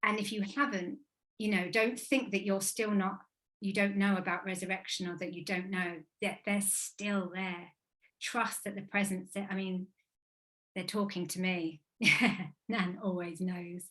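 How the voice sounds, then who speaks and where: A woman's voice: mid-range voice, steady tone, unhurried, fairly bright tone. Earnest woman sharing spiritual stories. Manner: earnest, emotional, rambling with fillers. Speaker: guest speaker, spiritual teacher and actress. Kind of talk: casual spiritual talk.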